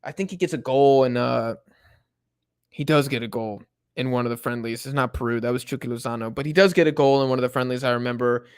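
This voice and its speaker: A young man casually chatting through a live football watch-along, reading and answering chat in relaxed slang. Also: medium pitch, fast, clear, resonant tone. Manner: laid-back slang-heavy chatter, many fillers.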